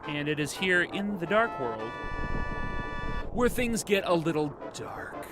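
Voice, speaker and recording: A man's voice: a little high, very animated, takes it slowly, over loud music. A man streaming a video game, joking casually and talking to his chat as he plays. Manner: chatty, jokey, talking to chat. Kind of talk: casual gameplay commentary.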